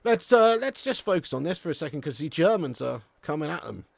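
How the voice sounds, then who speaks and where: An English man with a fairly high voice hosts a live football watch-along. He switches between calling the match and answering chat messages in a lively, chatty way, often calling people lad and mate. The recording is close and dry. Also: a little fast, creaky, no echo.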